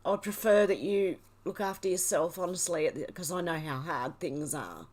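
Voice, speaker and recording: A woman's voice: on the low side, expressive, moderate pace, darkish tone. Teary, overwhelmed woman reading chat. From Australia. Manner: emotional, teary and laughing, overwhelmed. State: tearful. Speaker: livestream host. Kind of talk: reading live chat aloud.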